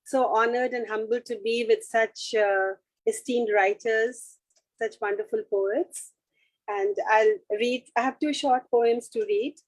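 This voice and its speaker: Slow-spoken woman poet, dry sound. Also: fairly high pitch, steady tone, dry recording, poor audio. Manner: apologetic, gracious. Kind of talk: casual introduction before reading.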